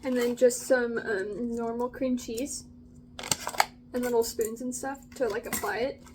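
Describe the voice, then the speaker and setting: A young woman vlogging about food in a casual, gushing, excitable way, with drawn-out exclamations. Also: on the high side, noisy background.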